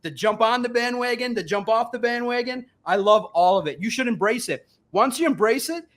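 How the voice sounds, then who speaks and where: A man's voice: very high-pitched, animated, a little fast, a bit bright. A man in his forties, a sports writer guest, making his point emphatically and repetitively in a heated sports debate. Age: 40s.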